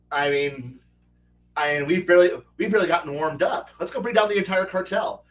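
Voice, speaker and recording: A man hosting a casual chat about tabletop game design, animated and laughing, acting out quoted voices and swearing now and then. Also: sits high, a little fast, distant mic, low-quality recording. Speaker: host. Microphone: video call.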